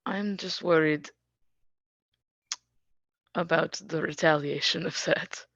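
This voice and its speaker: A player at a tabletop game, speaking in an unhurried, easygoing way. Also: mid-range voice, steady tone, creaky, a bit bright, dry recording, muffled recording. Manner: unhurried, laughing easily. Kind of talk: casual chat in a tabletop game.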